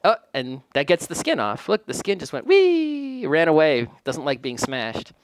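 Man, mid-pitched, chatty home-kitchen cook, self-deprecating jokes, faint hiss behind. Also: expressive, normal speed. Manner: joking, rambling, self-deprecating. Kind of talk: casual cooking narration.

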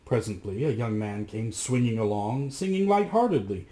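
Animated male storyteller. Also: medium pitch, normal speed. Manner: expressive, dramatic storytelling. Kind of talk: reading a fairy tale aloud.

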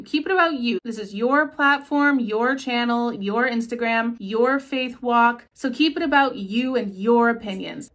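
A woman's voice: fairly high pitch, a bit bright. A woman vlogger giving earnest, emotional commentary, fighting back tears as she speaks. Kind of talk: passionate commentary.

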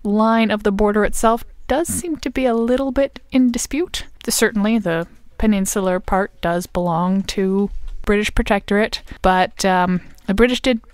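Woman rambling thru some history on a podcast, smooth clear voice, super dry close mic. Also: mid-range voice, normal speed, few pauses, a little mellow, no echo. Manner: explains at length with many ums and uhs. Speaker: podcast co-host. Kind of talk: casual history podcast chat.

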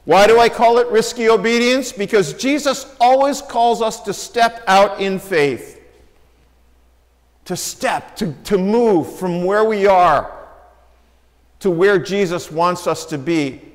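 A high-pitched man preaching to his congregation in a church sanctuary. His voice rings with a long reverb tail off the walls. He tells the story lively, dropping soft and low for quotes and rising again. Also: slow. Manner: storytelling, acts out quoted lines with shifting pitch and volume. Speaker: pastor. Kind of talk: sermon.

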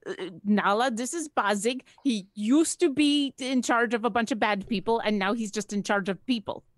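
A woman plays in a tabletop game, talking in a chatty, playful way. Her voice sits a little high, recorded dry and close. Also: moderate pace, no room sound. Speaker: player. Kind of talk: casual tabletop game play.

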